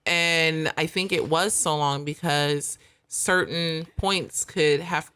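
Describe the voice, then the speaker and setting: A woman co-hosting a faith podcast, talking in a relaxed, agreeable way and laughing easily. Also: low voice, clear, resonant tone. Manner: conversational, quick to laugh, agreeable. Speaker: podcast co-host. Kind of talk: casual faith podcast chat.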